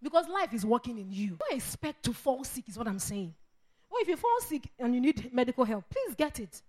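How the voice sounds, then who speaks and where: A woman's voice: on the high side, very animated, brisk, darkish tone. A woman preaching a sermon, emphatic, repeating phrases and acting out quoted voices.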